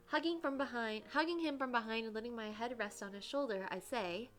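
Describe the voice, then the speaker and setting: A woman's voice: on the high side, a little fast, few pauses, fairly bright tone, faint music behind. A woman reading a dating game aloud as the heroine, breaking off to gush and comment between lines. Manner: gushing, giggly asides between narration.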